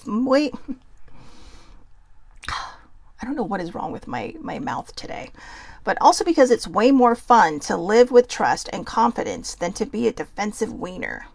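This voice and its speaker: A woman with a Californian accent hosting a casual solo talk, reading cards aloud and chatting quickly, with frequent self-interruptions and an admitted nervousness. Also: mid-range voice, very animated, creaky, darkish tone, breathy edge, no echo. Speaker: host. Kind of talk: casual musing while reading oracle cards.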